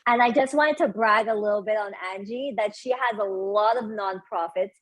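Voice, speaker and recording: A woman's voice: mid-range voice, moderate pace, low-quality recording. A woman on a video call enthusiastically praising a friend's good work. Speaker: call participant.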